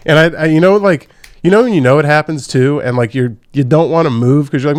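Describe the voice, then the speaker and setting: A man's voice: fairly high pitch, fast talker, darkish tone, no echo. A young man hosting a comedy podcast, telling crude stories in a loose, laughing way. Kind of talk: casual comedic podcast chat. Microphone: studio podcast mic.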